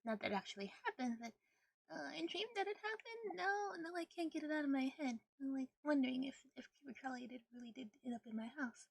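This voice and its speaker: A young woman streamer chatting casually with her viewers, bubbly and giggly, with a slightly rough morning voice. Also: high-pitched, expressive, quick pace, no echo, clean studio sound. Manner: bubbly, giggly, greets chat one by one. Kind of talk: casual live-stream chat.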